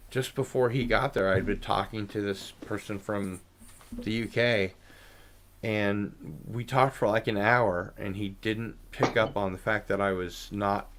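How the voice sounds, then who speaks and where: Rambling, low-voiced man hosting a stream. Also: fairly bright tone, slight background noise. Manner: rambling storyteller, chatty and self-deprecating. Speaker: stream host. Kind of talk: casual chat on a livestream panel.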